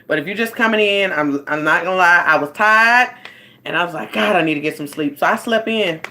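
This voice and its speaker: A woman's voice: on the low side, a little fast, pushed and bright. A woman, a life coach hosting a casual livestream from home on her phone. She rambles and talks straight to her viewers.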